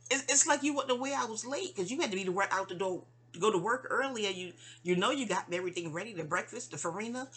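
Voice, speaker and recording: A woman from New York speaking in a rambling, digressive personal monologue addressed to her mother, full of restarts and asides, often dropping soft. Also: medium pitch, fairly quick, husky. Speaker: vlogger.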